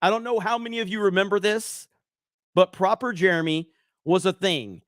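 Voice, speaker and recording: A rambling, self-mocking man with a Southern accent hosts a livestream, swearing freely as he reads viewer messages. His voice sits a bit high for a man and sounds close and dry. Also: moderate pace, dry recording. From Alabama. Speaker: livestream host. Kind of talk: casual livestream chat, reading super chats.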